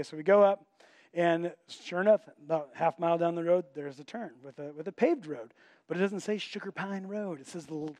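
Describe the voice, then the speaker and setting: Recorded dry, this preacher's voice sits on the high side. In his sermon he narrates a story with animation, performing the voices of the people in it.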